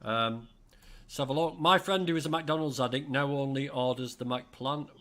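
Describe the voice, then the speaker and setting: A man's voice: mid-range voice, normal speed. Chatty middle-aged English man hosting. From England. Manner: chatty, animated, jokey asides. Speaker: livestream host. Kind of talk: casual chat reading viewer comments.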